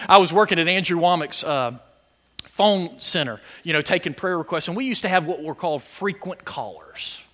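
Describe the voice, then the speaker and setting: Guy preaching a sermon, high bright voice, gets loud and shouty, stumbles and restarts a lot. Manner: animated preaching, rising to shouts, with laughs and stammered restarts. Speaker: pastor.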